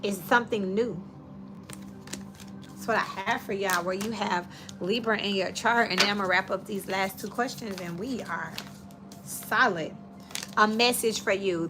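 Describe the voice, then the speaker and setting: A woman's voice: medium pitch, normal speed, over music. A woman giving a casual tarot reading, talking in a chatty, direct, coaching way. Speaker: tarot reader.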